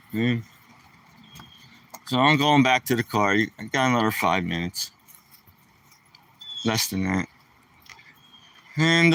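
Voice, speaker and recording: A man with a medium-pitched, sharp-toned voice chats casually vlog-style while walking his dog outdoors, rambling and joking to both the dog and the camera. He sounds far from the mic.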